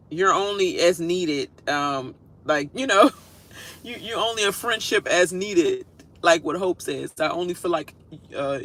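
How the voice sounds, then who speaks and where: Sassy woman ranting about a show. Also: sharp tone. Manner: sassy, laughing, mocks people in high whiny voices. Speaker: reality show commentator. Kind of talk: casual reaction rant.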